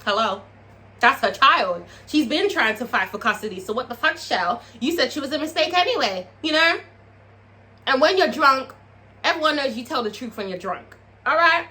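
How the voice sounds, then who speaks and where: Woman doing a tv recap, swears a lot, bright voice, kinda high. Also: moderate pace. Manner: profane, animated, talks straight to viewers. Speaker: TV review vlogger. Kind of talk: casual TV episode recap.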